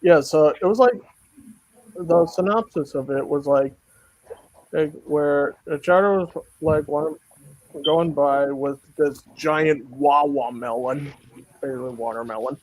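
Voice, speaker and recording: Hesitant man with a higher voice. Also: unhurried, darkish tone, dry recording, rough recording. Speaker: co-host. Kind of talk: casual chat.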